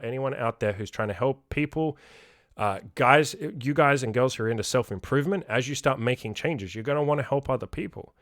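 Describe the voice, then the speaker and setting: A man's voice: mid-range voice, no room sound, clean studio sound. A man hosting a self-improvement podcast, talking bluntly in a casual monologue, swearing freely and repeating words for emphasis.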